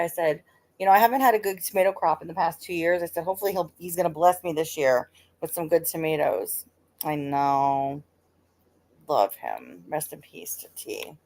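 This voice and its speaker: A woman's voice: fairly low pitch, vocal fry. A woman hosting a live stream, chatting casually with her viewers, laughing often and swearing freely. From United States.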